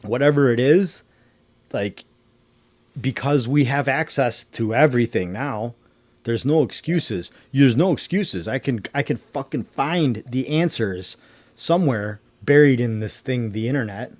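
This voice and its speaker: A livestream host chats casually at a measured pace in a mid-range male voice, rambling through conspiracy talk packed with swearing and slang. There is no room sound.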